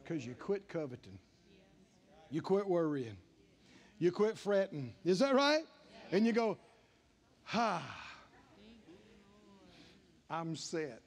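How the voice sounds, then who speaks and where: A man with a strikingly high voice preaches a sermon, his pitch leaping up and down as he builds. He keeps repeating phrases and calling on the congregation to respond. He comes across as a pastor in full flow. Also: animated, a little slow, pauses often, a little mellow. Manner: call-and-response preaching, repeating lines with rising emphasis. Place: church sanctuary with congregation.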